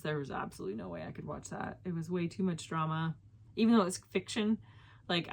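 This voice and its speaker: A woman's voice: low voice, a little hiss or hum. A young woman, chatting casually as the host of her own knitting show and filling her talk with ums and restarts. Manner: chatty, lots of fillers and self-corrections. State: slightly out of breath. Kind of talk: casual chat to camera.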